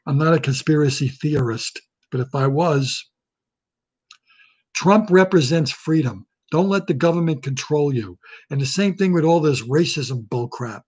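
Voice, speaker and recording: A man delivers a comic political rant straight into his webcam. His voice is husky and sits a little high for a man. He talks in a heated, indignant way and circles back over the same points again and again. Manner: heated, repetitive, indignant ranting. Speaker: comedic ranter. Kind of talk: satirical political rant to camera. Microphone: webcam or laptop camera.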